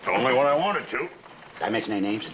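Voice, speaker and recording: An actor in a 1950s western playing a gruff trail hand who jokes in a dry way. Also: male voice, medium pitch, expressive, quick pace, lightly acted. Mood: wry. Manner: dry, joking. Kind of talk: 1950s film acting. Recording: dull, noisy old film soundtrack.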